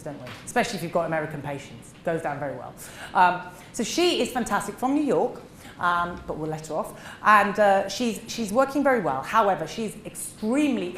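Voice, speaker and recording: A middle-aged woman, a dentist giving a seminar talk, animated and emphatic, acting out short exchanges. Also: lowish voice. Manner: animated, acts out little dialogues, emphatic. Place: seminar room. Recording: echoey room with faint noise.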